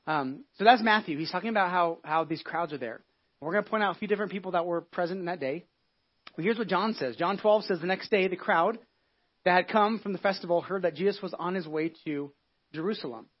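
A male pastor preaches in a relaxed, conversational way, retelling the story with lots of restarts and asides. His voice sits high and he talks quickly. The church recording sounds dull and lo-fi. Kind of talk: casual conversational sermon.

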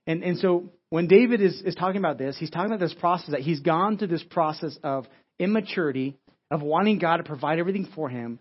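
Fast-talking pastor with a dull, lo-fi sound. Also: male voice, on the high side, husky. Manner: conversational, repeats words and restarts, frequent "right?". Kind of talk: sermon. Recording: dull lo-fi audio.

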